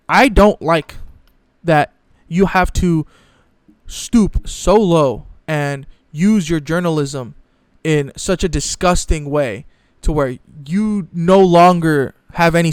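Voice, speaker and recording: A man's voice: on the high side, smooth, no echo. A young man ranting in casual sports commentary, profane and exasperated, often mocking others in put-on voices.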